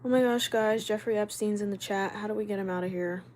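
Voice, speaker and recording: A young woman live streaming from home, chatting casually, reading out comments and firing back quick retorts with frequent laughs. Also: mid-range voice, steady tone, darkish tone, a little hiss or hum. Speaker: livestreamer. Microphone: camera mic while live streaming.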